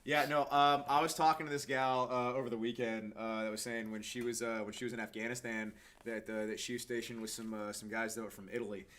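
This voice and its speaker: A man's voice: medium pitch, flat delivery, fast talker, few pauses, a bit bright. A man from Washington State hosting a casual podcast, rambling through crude stories with lots of fillers and swearing. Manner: crude, rambling storyteller, many fillers and cursing. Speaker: podcast host. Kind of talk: casual banter among friends.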